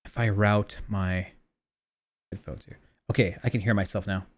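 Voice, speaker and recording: A man's voice: lowish voice, steady tone, moderate pace. A young man streaming, chatting casually in a rambling, profane, self-mocking way while fiddling with his mixer. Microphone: desk mic through a streaming mixer.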